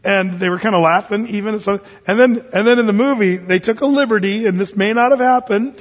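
A man with a fairly high voice gives a relaxed, folksy Bible sermon with joking asides. His words ring out with a long reverb, as if he is in a large hall. The sound is muffled and lo-fi. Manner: folksy, with humorous asides and slow scripture reading. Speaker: pastor. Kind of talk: conversational Bible teaching sermon.

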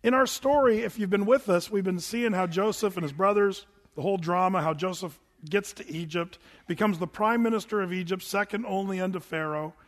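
A middle-aged male pastor giving a chatty, animated sermon full of stories and restarts. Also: high voice, brisk, few pauses. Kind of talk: sermon with storytelling.

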